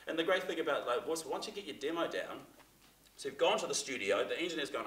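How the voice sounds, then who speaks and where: A seminar presenter talks to a class in a theatre room, casual and chatty, with lots of fillers and restarts. His voice sits on the high side and is animated, fast and a bit bright. The room echoes and the mic is far away.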